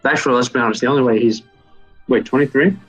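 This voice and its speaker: A man's voice: medium pitch, muffled recording, faint music behind. Man running a tabletop game. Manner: steady, measured, explains rules. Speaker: game master.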